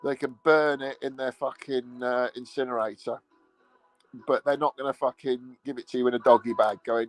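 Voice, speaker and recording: A man's voice: mid-range voice, steady tone, normal speed, soft background music, low-quality recording. A man ranting casually in a rambling, sweary, mocking way. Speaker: vlogger. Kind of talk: casual profane rant.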